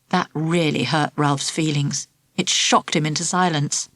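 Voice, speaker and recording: A woman narrating a children's storybook in an expressive, lively storytelling manner. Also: deep voice, measured pace, no echo. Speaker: audiobook narrator.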